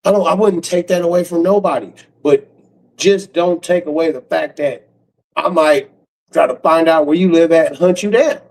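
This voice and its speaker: Streamer, male, gravelly and slightly high, harsh profane ranter. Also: moderate pace, darkish tone, poor audio. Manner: blunt, cursing, harsh. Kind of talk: profane casual rant.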